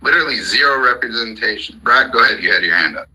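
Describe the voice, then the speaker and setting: Host of a live voice room, heated and profane, with a husky, sharp-edged tone. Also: male voice, lowish voice, animated, quick pace, rough recording. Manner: heated, profane, repetitive ranting. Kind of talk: angry political rant. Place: call-in audio chat room.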